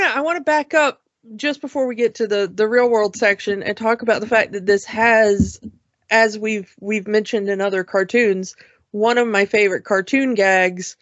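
A woman's voice: mid-range voice, no echo, lo-fi sound. A woman co-hosting a casual talk show about cartoons, chatty and enthusiastic, often restarting her sentences. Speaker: podcast co-host. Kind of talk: casual cartoon review chat.

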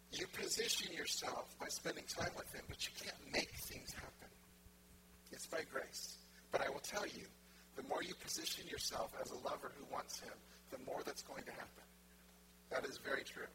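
A man preaching in a loose, conversational way, slipping into quoted voices to act out his points. His voice sits a little high. A strong wash of noise runs under the recording. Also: normal speed. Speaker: pastor. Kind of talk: sermon. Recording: loud background noise.

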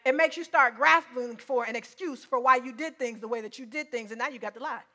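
Bright-voiced woman preaching emphatically. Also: sits high, fairly quick. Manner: emphatic, repetitive, conversational. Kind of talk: sermon.

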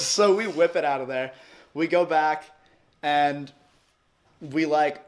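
A man's voice: a little high, steady tone, slow. A young man with a New York accent telling a rowdy story in casual chat, rambling, cursing and laughing often. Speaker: podcast guest.

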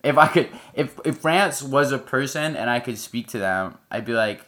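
A man talks straight to his viewers in a blunt, emphatic way, swearing freely as he makes his points. His voice sits at an everyday pitch for a man. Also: expressive, moderate pace, a bit bright. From United States. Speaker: online commentator. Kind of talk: opinion commentary to camera.

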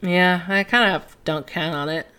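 A woman's voice: on the low side, unhurried, pushed and bright, clean tone. A young woman co-hosting a podcast, chatting casually with many fillers, swearing and laughing often. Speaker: podcast co-host. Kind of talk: casual political chat.

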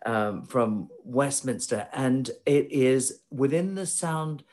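A man's voice: medium pitch, expressive, takes it slowly, darkish tone. A middle-aged man with an English accent, a news correspondent chatting as a guest over a video call in a self-deprecating way with plenty of fillers. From England. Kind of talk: casual interview chat.

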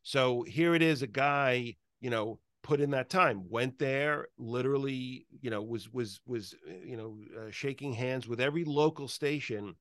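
A man's voice: medium pitch, moderate pace, hardly any pauses, fairly bright tone, no echo, studio quality. A man hosting an interview, giving short encouraging reactions and telling his own stories with many fillers. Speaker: interview host. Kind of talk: casual interview chat.

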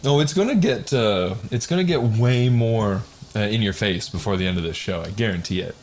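A man's voice: lowish voice, expressive, brisk, a little mellow, a little hiss or hum. A middle-aged man co-hosting a podcast, joking crudely and laughing often in casual chat. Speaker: podcast co-host.

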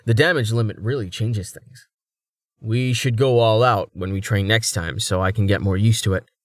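A man's voice: on the low side, normal speed, no room sound, clean studio sound, lightly acted. A man voicing an easygoing young male adventurer with a wry, dryly humorous way of talking.

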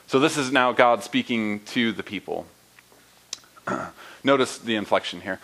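A man's voice: lowish voice, measured pace, vocal fry, pauses often, fairly bright tone, low-quality recording. A young adult man preaching a sermon in a conversational way, often asking listeners rhetorical questions and checking in with "right?". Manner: uses fillers and "right?" often. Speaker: pastor.

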